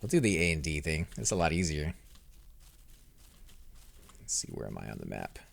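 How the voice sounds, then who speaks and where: A young man hosting a let's play, commentating his fights and chatting with viewers, growing loud and excited during combat. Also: a bass voice, moderate pace, vocal fry. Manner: excitable, reacts loudly to in-game fights, talks to chat. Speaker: gaming channel host.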